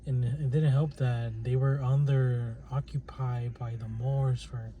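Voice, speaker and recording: A man's voice: medium pitch, level tone, a little slow, dark tone. A man talking to camera in a casual rambling monologue, hesitant, with many restarts and fillers. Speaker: channel host. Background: faint plane and traffic noise.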